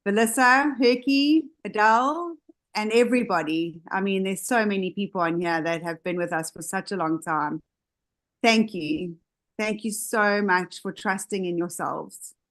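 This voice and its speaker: A woman giving an earnest, idealistic speech about community on a video call, speaking slowly and deliberately. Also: lowish voice. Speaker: community leader.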